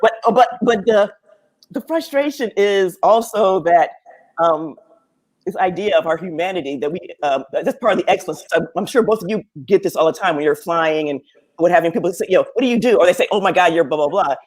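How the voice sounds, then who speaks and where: A woman professor in casual panel conversation, animated and laughing often, acting out other people's voices. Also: on the low side, brisk. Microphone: video call.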